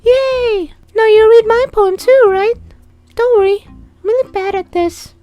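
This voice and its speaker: A woman's voice: extremely high pitch, measured pace, lo-fi sound, soft background music. A woman voicing a cheerful, bubbly, airheaded teenage girl in a visual novel, gushing and giggly. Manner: gushing, giggly, easily excited.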